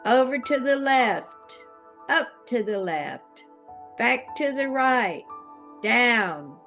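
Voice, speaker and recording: A woman guides listeners through a tapping routine, speaking slowly and deliberately with a slightly high voice. She gives short instructions and repeats affirmations, and soft music plays faintly behind her. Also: expressive. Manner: slow, directive coaching with spoken affirmations.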